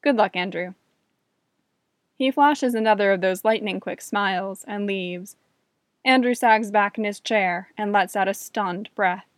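A woman narrating a story in an even, measured reading voice. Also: medium pitch, dry recording, studio quality. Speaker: reader.

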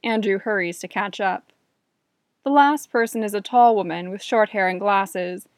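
A woman narrating a story in an even, measured reading voice. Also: mid-range voice, dry recording, clean studio sound. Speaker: reader.

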